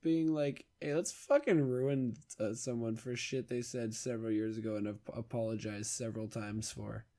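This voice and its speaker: Young male co-host, mellow tone, relaxed crude banter, casual chat. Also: medium pitch, normal speed, few pauses. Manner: crude, laid-back banter. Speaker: podcast co-host.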